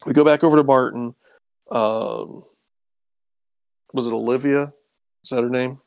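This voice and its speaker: A man's voice: medium pitch, fairly even intonation, measured pace, a little mellow, smooth, dry recording. Man, casual recap, rambling, dry close recording. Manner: rambling retelling with many ums and quoted lines. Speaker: podcast co-host recapping a show. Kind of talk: casual chat.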